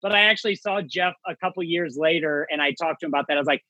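A male comedian telling a story in casual chat, animated and acting out voices with big jumps in pitch. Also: fast, no echo, dull audio.

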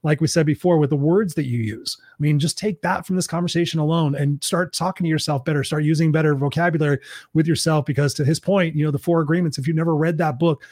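Effusive male host, slightly hoarse. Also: on the high side, fairly even intonation, quick pace, a little mellow, no echo, clean studio sound. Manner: upbeat, effusive, reads out viewer comments. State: losing his voice. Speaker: show host and coach. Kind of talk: live-stream show wrap-up.

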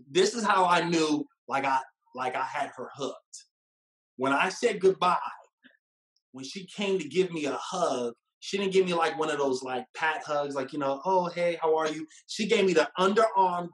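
A man telling a casual story about his first date, animated and laughing, acting out what people said. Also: on the high side, normal speed, roomy sound. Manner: animated, laughing, acts out quotes.

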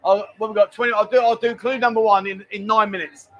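A man with a rather high voice hosts a casual live stream from a busy bar. He chats loosely, cracks jokes and reads out viewers' messages. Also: little pitch movement, fast talker, fairly bright tone, highs cut off.

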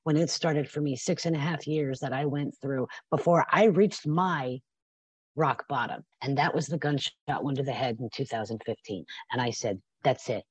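A woman's voice: rumbling low, moderate pace, slightly rough, no echo. A woman in her fifties speaking as a podcast guest, passionate and emotional, sometimes teary and laughing. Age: 50s. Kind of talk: podcast interview.

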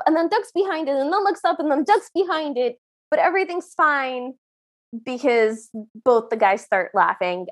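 A woman co-hosting a podcast, retelling a movie scene by scene in casual chat and acting out the characters' lines as she goes. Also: high voice. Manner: animated storytelling, acts out the characters' lines. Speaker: podcast co-host.

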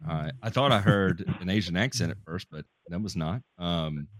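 A man's voice: deep voice, moderate pace, dry recording. A man co-hosting a talk show, playful and jokey, on a close studio mic. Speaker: co-host. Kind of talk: casual chat.

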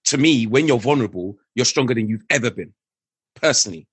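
Husky guy in a dry close room, earnest and lively, talking about being a dad. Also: medium pitch, fast talker, no room sound. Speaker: guest, father. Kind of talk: reflective conversation.

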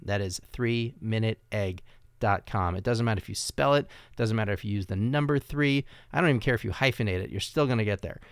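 Wry, rambling podcast host, smooth voice. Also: male voice, no echo, studio quality. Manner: self-mocking, rambling sales pitch. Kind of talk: casual podcast monologue and chat.

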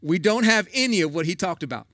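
Pastor guy preaching, kinda high voice, dry close sound, chatty and emphatic. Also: expressive, fast, bright, forceful tone, dry recording. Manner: conversational, folksy preaching with emphatic asides. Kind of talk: sermon.

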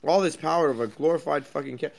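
A man's voice: a little high, quick pace, vocal fry. A man co-hosting a crypto podcast, ranting sarcastically and swearing a lot in casual banter. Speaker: podcast co-host.

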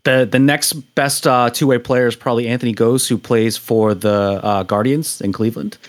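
A man's voice: mid-range voice, steady tone, normal speed, no room sound. A man hosting a casual sports talk show, reading stats and then chatting. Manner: reads stats, then chats. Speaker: host.

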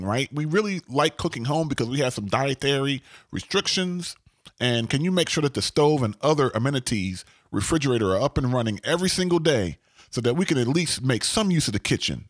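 A man talking through a casual podcast monologue in a mid-range voice that swings widely in pitch. He is emphatic and repetitive and keeps tagging lines with "all right?", with the sound close and dry with no room echo. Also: animated, brisk. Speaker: podcast host.

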